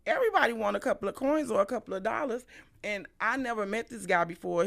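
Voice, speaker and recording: A St. woman with a gravelly, bright voice on the low side hosts a livestream, delivering a casual storytelling monologue. She's animated and profane, swinging between loud and hushed.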